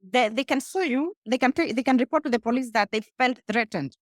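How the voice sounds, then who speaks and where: A woman's voice: high-pitched, a little fast, dry recording, clean studio sound. A woman with a Kenyan accent, a guest speaking emphatically in a casual interview and addressing the listener directly. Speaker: guest, rideshare entrepreneur.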